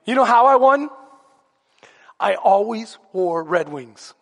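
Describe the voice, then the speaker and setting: A man with a Texan accent preaching a sermon, telling a story with emphatic storytelling and questions to the congregation, swinging from shouts to hushed lines. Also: high-pitched, animated, takes it slowly. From Texas. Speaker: pastor. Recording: long church reverb.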